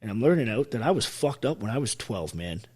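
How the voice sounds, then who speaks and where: A man's voice: fairly low pitch, big pitch swings, fairly quick, a little mellow, breathy edge. A man, an army veteran guest telling his story bluntly and with heavy swearing, acting out what others said. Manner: profane, blunt, acts out quoted speech. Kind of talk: emotional storytelling on a podcast.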